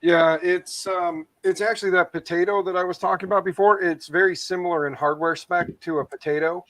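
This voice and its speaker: A man's voice: high-pitched, steady tone, fairly quick, a bit bright, slight background noise. A man in a casual live chat, giving detailed technical explanations of computer hardware. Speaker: guest. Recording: voice from far off the mic.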